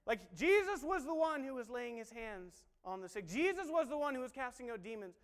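Male preacher, high animated voice that acts out dialogue, long hall reverb. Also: fairly quick, hardly any pauses, clean tone. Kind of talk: sermon.

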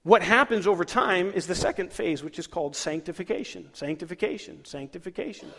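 A male pastor preaching a sermon, lively and chuckling as he asks the congregation questions. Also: high-pitched, fairly quick, vocal fry, husky. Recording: long hall reverb.

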